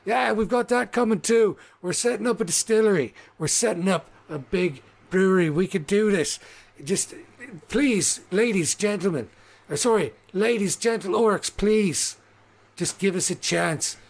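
Guy doing a loud boastful halfling brewer, salesy and pushy, voice pitched up. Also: unhurried, gravelly, full character voice. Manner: salesman patter, showy and coaxing.

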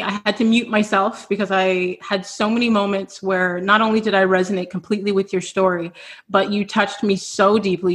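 A woman hosts a virtual celebration over a video call. Her voice sits at an ordinary middle pitch. She gushes over her guests and keeps nearly crying. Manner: effusive, tearful, warm affirmations. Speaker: podcast host. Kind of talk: emotional virtual event hosting.

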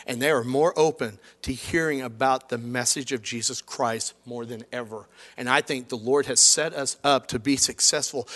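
A middle-aged man preaching a sermon in a conversational, animated way, acting out quoted lines. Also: mid-range voice. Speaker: pastor.

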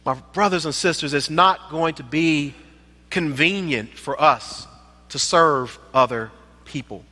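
A man's voice: a little high, measured pace, sharp tone. A man giving a sermon as a guest preacher, emphatic, repeating phrases for effect. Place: church sanctuary. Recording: reverberant church sanctuary.

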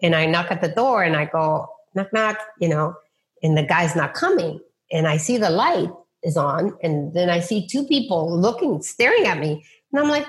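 Here the same kind of speaker, a middle-aged woman in real estate, recounts faith stories for an interview at a normal speed. Her voice is on the low side with lively intonation, and she performs the quoted speech with many restarts.

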